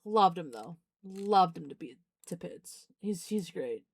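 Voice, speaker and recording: A woman's voice: fairly low pitch, lively intonation, unhurried, husky, no echo. A young adult woman streamer chatting casually, rambling, giggling often, and repeating herself. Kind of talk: casual chat.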